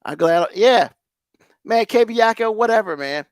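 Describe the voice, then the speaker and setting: A man's voice: sits high, expressive, a little slow, clear, resonant tone, dry recording, clean studio sound. A man hosting a podcast, ranting in heated, profane exasperation. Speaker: podcast host.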